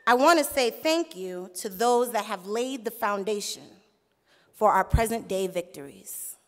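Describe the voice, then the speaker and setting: A woman's voice: mid-range voice, lively intonation, measured pace. A young woman giving a playful, sassy speech to a conference crowd, laughing often. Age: young adult. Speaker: conference speaker. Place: large conference hall. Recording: reverberant hall with crowd.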